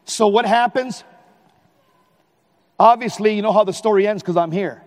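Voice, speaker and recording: A man giving a live Catholic preaching talk in a large hall, animated and emphatic, sometimes shouting. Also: high-pitched, normal speed. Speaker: Catholic lay speaker.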